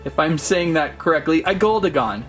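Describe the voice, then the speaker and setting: A man's voice: a little high, animated, moderate pace, faint music behind. A man hosting a casual toy unboxing, talking in a playful, jokey, mock-serious way. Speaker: toy channel host.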